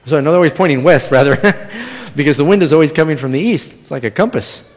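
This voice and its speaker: A middle-aged pastor with a fairly high, expressive voice preaches at a quick pace in a church sanctuary. He tells humorous stories and puts questions to the congregation, and the hall's long reverb trails his words.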